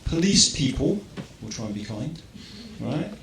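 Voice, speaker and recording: With a sing-song lilt and gravelly texture, an English man speaks unhurriedly in a mid-range voice, a little hiss or hum audible. He gives a casual talk to a live audience in an echoey event hall with faint ambience, asking rhetorical questions and checking in with "right?"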